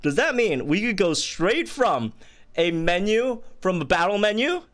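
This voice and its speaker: A young man talks through a game update for his viewers, thrilled and chatty. He keeps breaking into high squeals and laughs, his voice swinging widely in pitch. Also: very animated, measured pace, fairly bright tone. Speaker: gaming youtuber. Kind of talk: excited game reaction commentary.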